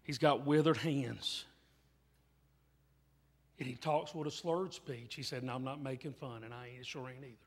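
A man's voice: mid-range voice, steady tone, moderate pace, pauses often, long reverb tail. A man preaching a revival sermon in church, telling a story emphatically and repeating his phrases. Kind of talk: revival sermon with altar call. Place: church sanctuary.

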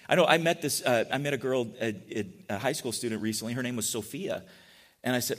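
A middle-aged man preaching a sermon in a relaxed, conversational way, often asking the congregation questions. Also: medium pitch, fast. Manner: chatty, asks the congregation questions. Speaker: pastor.

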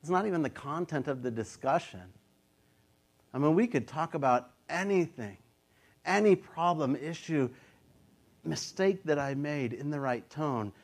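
A man's voice: on the high side, expressive, unhurried. Conversational pastor in his fifties preaching. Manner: conversational preaching, acts out quoted voices. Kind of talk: sermon.

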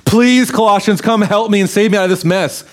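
A man's voice: high-pitched, fairly quick, pitched above the performer's own voice, natural voice. A man putting on the voice of a self-pitying imprisoned man who moans melodramatically about his woes. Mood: whiny. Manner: mocking, melodramatic whimper.

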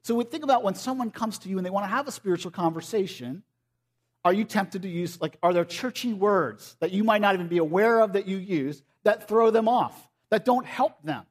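A man's voice: high-pitched, fairly quick. A male pastor preaching a sermon in a casual, conversational way, often acting out the voices of people he quotes.

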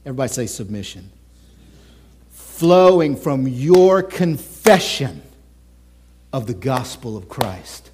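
A male pastor with a high, lifted voice delivers a fiery sermon in church. He drives his points hard and loud, then suddenly drops into hushed, near-whispered lines. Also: lively intonation, normal speed. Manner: impassioned preaching, swinging from shouts to hushed whispers.

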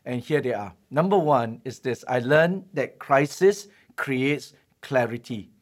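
A man preaching a sermon as pastor, telling stories and slowing down to stress his key points. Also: medium pitch, lively intonation. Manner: storytelling preacher, emphatic, slows for key lines.

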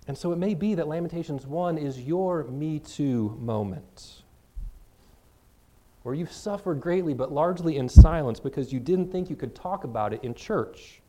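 A man's voice: fairly high pitch, animated, normal speed, warm tone. A man preaching a sermon as pastor, speaking earnestly in a conversational way to his congregation.

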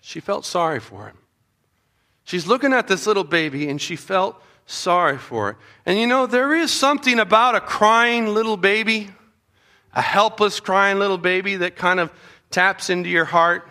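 A man preaching a Bible story to children, animated and acting out the voices of the people in it. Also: high-pitched. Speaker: children's pastor. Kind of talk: storytelling sermon.

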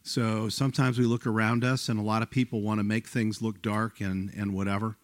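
A pastor preaching a sermon in a church, earnest and exhorting the congregation. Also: male voice, lowish voice, little pitch movement, fairly quick, dry recording.

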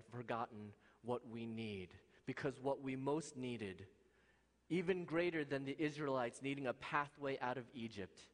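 A man preaching a sermon with passion, swinging from loud, soaring lines to hushed, quiet ones. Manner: impassioned, swings from loud highs to hushed lows. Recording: long hall reverb.

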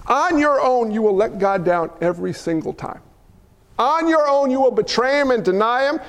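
Impassioned preacher, man, very high voice, ringing hall reverb on every line. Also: expressive, moderate pace, fairly bright tone. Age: adult father of young children. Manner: impassioned, builds to emphatic outbursts. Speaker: pastor. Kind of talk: sermon. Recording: long reverb of a large hall.

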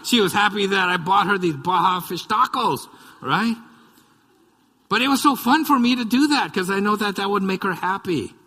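A man from the United States delivers a sermon in an easy, story-telling way, full of asides to the congregation. His voice is bright and forward, pitched a little high. The sound rings with the long reverb of a church hall. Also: normal speed. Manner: conversational storytelling with frequent asides. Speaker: pastor.

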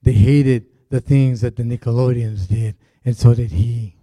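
A man's voice: medium pitch, fairly even intonation, measured pace, warm tone, dry recording. A middle-aged male pastor who preaches in a casual, conversational way, with rambling asides and fillers. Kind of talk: conversational sermon.

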